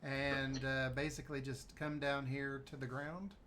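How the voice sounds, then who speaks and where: A man playing a tabletop game, rambling and hesitant, sometimes yelling his character's lines. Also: mid-range voice, level tone, measured pace. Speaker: player. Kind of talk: casual tabletop game play.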